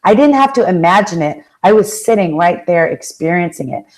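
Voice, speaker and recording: A woman giving a motivational talk, telling stories with lively acted-out quotes and direct questions to the audience. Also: on the low side, moderate pace, poor audio. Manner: animated storytelling, acts out quoted voices. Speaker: motivational speaker and life coach.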